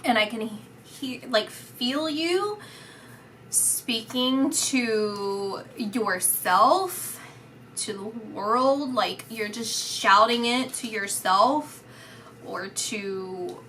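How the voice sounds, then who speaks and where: Slow, halting woman with a bright voice. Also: fairly high pitch, slight background noise. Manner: halting, restarts often with "like", pauses between phrases. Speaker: psychic reader. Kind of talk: intuitive reading, spoken to the camera.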